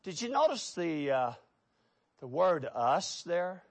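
A middle-aged man preaching a sermon, telling stories with lively, animated delivery. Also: fairly high pitch, slow pace. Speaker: pastor.

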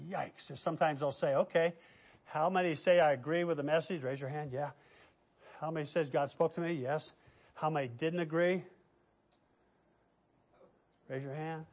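Animated high-voiced male preacher. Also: a little slow, pauses often. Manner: animated, quotes figures in raised voice, drops to quiet asides. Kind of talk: sermon storytelling.

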